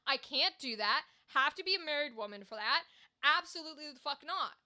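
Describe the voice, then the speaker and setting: A woman voicing a young woman who flatly and firmly refuses. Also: high-pitched, a little fast, heavily acted.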